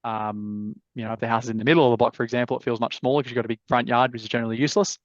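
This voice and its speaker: A man's voice: medium pitch, fairly even intonation, very fast, dry recording. Laid-back Australian man on a dull, dry call. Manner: laid-back, blunt, swears freely. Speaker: property advisor hosting live mentorship calls. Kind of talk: casual advice chat. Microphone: video call.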